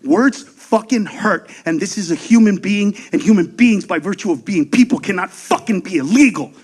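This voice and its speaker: A man's voice: high voice, lively intonation, normal speed, darkish tone, husky, voice pushed down. A comedian voicing a sanctimonious man who lectures him after the show. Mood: preachy. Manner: preachy, indignant. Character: sanctimonious, lecturing male audience member.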